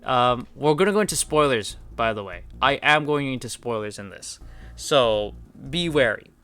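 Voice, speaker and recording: A man's voice: medium pitch, animated, normal speed, sharp tone, faint music behind. A man giving casual, enthusiastic video game commentary, rambling with lots of fillers. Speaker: gaming video creator.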